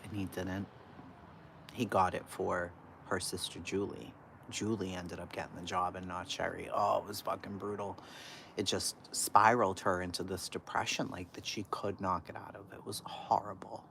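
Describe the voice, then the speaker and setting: Animated, swearing woman telling stories. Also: very deep voice, moderate pace, creaky, a little hiss or hum. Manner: animated, profane, laughs often, swings from loud to hushed. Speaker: livestream host. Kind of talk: casual storytelling to a live chat.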